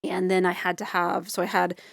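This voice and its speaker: A woman in her forties, an interview guest, telling her story in a loose, rambling, animated way. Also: lowish voice, a little fast, vocal fry, no echo, clean studio sound. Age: 40s. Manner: rambling, full of "like" and restarts, animated.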